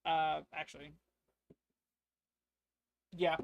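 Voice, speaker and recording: A man's voice: a little high, level tone, normal speed, vocal fry, pauses often, dry recording. A man streaming a solo tabletop game, narrating casually and thinking aloud to his chat.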